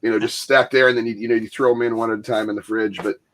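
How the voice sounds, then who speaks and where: A man's voice: fairly low pitch, level tone, racing, a bit bright. Laughing man in casual chat. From Michigan, US. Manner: rambling, laughing, acts out quoted voices. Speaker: podcast host.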